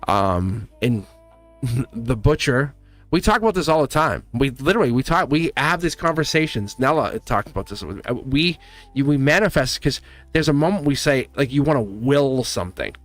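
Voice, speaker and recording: A man hosting a live tarot stream, talking in a rambling, animated way and laughing often. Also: medium pitch, brisk, no echo, soft background music. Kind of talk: casual live-stream chat.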